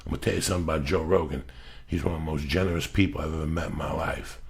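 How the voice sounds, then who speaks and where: A man's voice: a bass voice, fairly even intonation, very fast, creaky. A middle-aged man hosting a podcast, ranting in a casual, profane, emphatic way. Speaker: podcast host.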